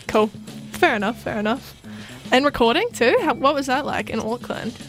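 Relaxed woman radio interviewer. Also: fairly high pitch, normal speed, faint music behind, rough recording. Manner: relaxed, encouraging, short affirmations.

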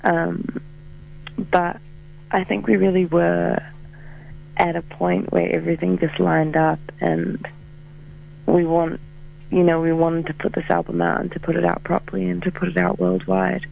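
A man, a musician in a band, chatting casually in an interview, full of fillers and quick laughs, heard over a phone call. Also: a little high, vocal fry, slight background noise. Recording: tinny phone line.

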